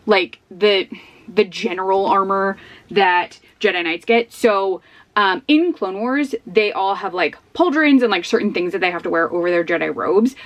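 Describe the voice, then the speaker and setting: A young woman talking casually at home in a book vlog, chatty and bubbly. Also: mid-range voice. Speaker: book vlogger. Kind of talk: casual chat.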